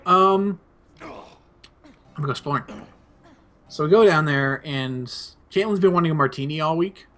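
A man's voice: fairly high pitch, normal speed, long pauses, fairly bright tone. A young man, host of a two-player gameplay video, casually rambling through a personal anecdote. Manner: rambling anecdote, laid-back. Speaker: let's play host.

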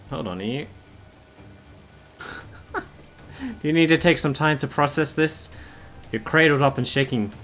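Brief: male streamer, sarcastic banter, animated pitch, laughs a lot. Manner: joking, sarcastic, laughs often, swears. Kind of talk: casual gameplay commentary.

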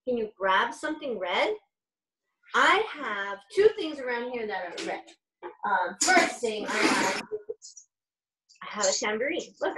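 High-voiced woman leading a bilingual kids' music lesson. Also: distant mic, background noise. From Los Angeles. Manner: upbeat, coaxing, switches between English and Spanish. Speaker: children's music educator. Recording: roomy home stream with guitar and keyboard music.

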